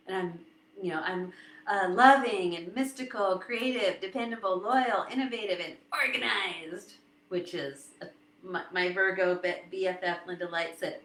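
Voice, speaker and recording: A woman hosting a casual live stream, chatting and laughing often and quoting others in lively voices. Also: mid-range voice, measured pace, reverberant. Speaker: host.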